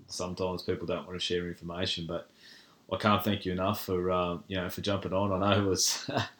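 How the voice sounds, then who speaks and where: A man's voice: sits low, flat delivery, fairly quick, fairly bright tone. An Australian man hosting a podcast, chatting casually and calling his guest mate. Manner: laid-back, says mate a lot. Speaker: podcast host.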